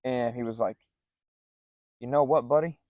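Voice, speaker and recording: A young man telling a story casually as podcast co-host, loose and animated, with lots of "like" and "dude". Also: mid-range voice, moderate pace, no room sound, muffled recording. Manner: animated, acts out other people's lines in raised voices; laid-back, says "like" and "dude" a lot.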